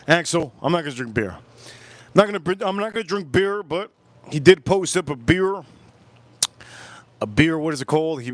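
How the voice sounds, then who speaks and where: A man's voice: a little high, dry recording. A man hosting a live cooking stream, chatting casually, rambling and repeating himself as he talks to his viewers.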